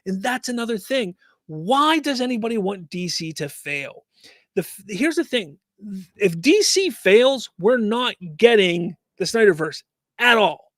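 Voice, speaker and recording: A man's voice: high voice, sing-song, measured pace, no room sound, studio quality. A man hosting a live fan news stream, reading chat comments aloud and ranting with exasperated rhetorical questions.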